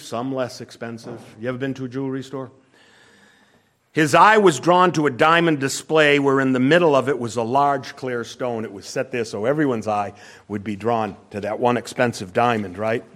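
A man preaching a sermon, telling anecdotes and illustrations in a conversational way, asking his listeners questions and dropping into quiet asides between louder, emphatic lines. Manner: drops to soft low asides, then rises with emphasis.

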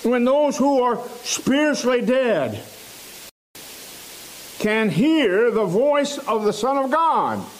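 A man preaching a sermon in a church, slow and emphatic, repeating phrases for stress. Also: very high-pitched, sing-song, slight background noise, poor audio.

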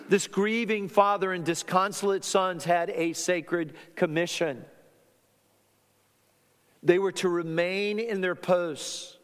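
A man preaching an expository sermon as pastor, teaching at a measured pace with his voice falling at the end of phrases. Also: high-pitched, long reverb tail.

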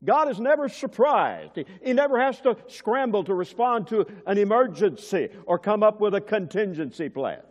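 A man preaches a sermon in a large church hall, and his voice trails into a long reverb. His pitch sits a little high and moves in lively swings, from loud emphasis down to quiet, hushed lines. He questions his listeners like a teacher, and the recording sounds somewhat dull. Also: normal speed, hardly any pauses. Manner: teacherly, asks the congregation questions.

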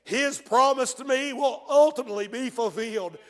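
A man preaching a sermon as pastor. He tells the story in hushed tones and then bursts into shouts. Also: extremely high pitch, normal speed. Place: church. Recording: long reverb of a church hall.

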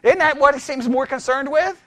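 A man teaching scripture in a conversational sermon, animated and full of rhetorical questions. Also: extremely high pitch, moderate pace, dry recording. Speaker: pastor teaching.

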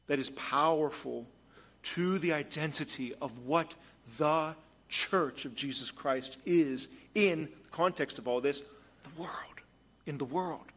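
A man preaching a sermon as pastor, moving between hushed storytelling and emphatic points. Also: fairly high pitch.

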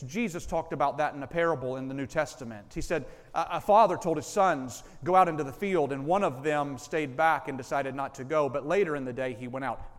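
A man's voice: a little high, expressive, normal speed, hardly any pauses. A male pastor preaching a sermon. He tells a personal story earnestly and repeats key lines for emphasis. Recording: long reverb of a large hall.

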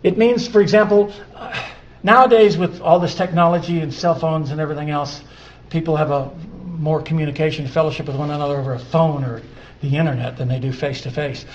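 A man preaching with a voice a little higher than most. He repeats scripture lines for weight, sinking to soft, slow phrases before climbing to loud, high-pitched emphasis. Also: fairly even intonation, highs cut off. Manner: builds from quiet, drawn-out lines to loud, high emphatic peaks. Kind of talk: sermon.

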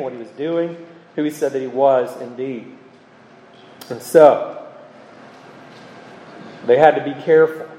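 A man delivers an expository sermon in an earnest, emphatic way, his voice a little higher than most. He pauses now and then with ums. The sound rings with a long reverb, as if picked up in a large hall. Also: warm tone. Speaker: preacher.

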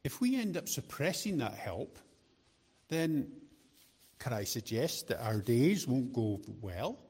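A middle-aged man gives a sermon at an ordinary pitch. He talks to the congregation in a chatty way, tossing in jokes and asides. He often restarts sentences and repeats words as he goes. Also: big pitch swings, takes it slowly, darkish tone, slightly rough. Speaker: lay preacher.

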